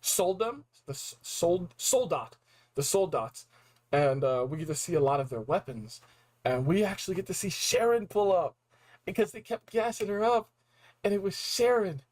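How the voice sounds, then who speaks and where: Excited young man recapping a game. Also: sits high, normal speed, rough recording. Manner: animated, slangy, acts out reactions. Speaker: game reviewer.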